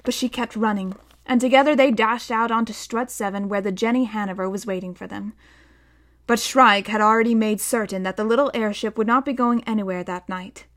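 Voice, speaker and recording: A woman narrating a novel aloud in a steady storytelling manner, voicing the dialogue. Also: mid-range voice, a little fast. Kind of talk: audiobook narration.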